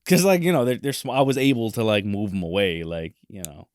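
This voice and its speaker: A man's voice: on the low side, fairly quick, no room sound, studio quality. A man co-hosting a podcast, telling a story in a casual, profane, rambling way with many fillers. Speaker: podcast co-host.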